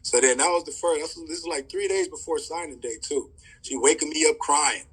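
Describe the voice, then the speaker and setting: A man in his thirties from California tells a story on a podcast in a casual, storytelling way. His voice sits a little high with a husky grain to it. When he acts out the people in the story, his pitch jumps up sharply. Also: fairly quick, a bit bright, rough recording. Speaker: podcast guest, former college running back.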